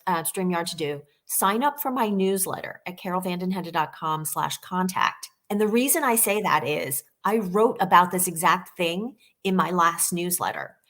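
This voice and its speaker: A woman's voice: lowish voice, moderate pace, hardly any pauses. Earnest woman author on a video call. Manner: earnest, animated storytelling with frequent fillers. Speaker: guest author. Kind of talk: live video chat interview.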